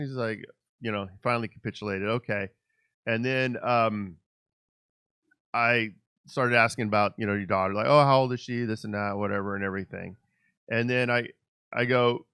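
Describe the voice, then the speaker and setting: A man's voice: medium pitch, fairly quick, clear, resonant tone, no echo. A male podcast host telling a story in a conversational way, voicing the people in it as he goes. His mid-range voice is recorded dry and close, with no room around it. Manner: animated storyteller who acts out quoted dialogue. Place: Los Angeles.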